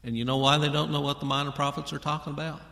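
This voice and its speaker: A man's voice: on the high side, little pitch movement, rapid-fire, vocal fry, pushed and bright. A man preaching a folksy sermon and talking straight to his congregation. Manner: folksy, addresses congregation directly. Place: church auditorium. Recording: echoey hall with long reverb.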